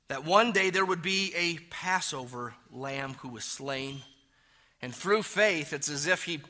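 A male pastor preaches a sermon, hitting key words loudly before dropping into hushed, low phrases.

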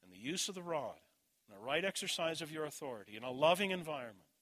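A man's voice: fairly high pitch, big pitch swings, fast, a bit bright. A middle-aged man preaching a sermon, teaching earnestly and telling a personal story.

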